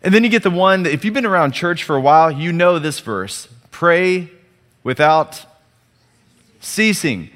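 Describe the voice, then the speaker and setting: A man's voice: a little high, lively intonation, quick pace, few pauses. Male pastor preaching in a reverberant church. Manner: conversational, rhetorical questions, audience call-and-response. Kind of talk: sermon.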